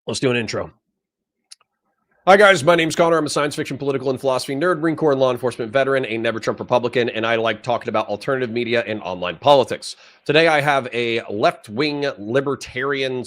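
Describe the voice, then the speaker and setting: Young guy streamer yelling at chat, swears a lot, mocking, normal mid voice. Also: mid-range voice. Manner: profane, combative, mocking. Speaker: streamer reacting to a political clip. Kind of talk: live-stream commentary reading chat.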